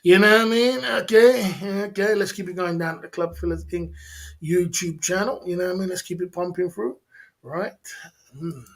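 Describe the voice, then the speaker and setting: High-voiced man ranting on a livestream. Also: moderate pace, gravelly. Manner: repetitive, emphatic, laughs often. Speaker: livestream host. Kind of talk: casual livestream monologue.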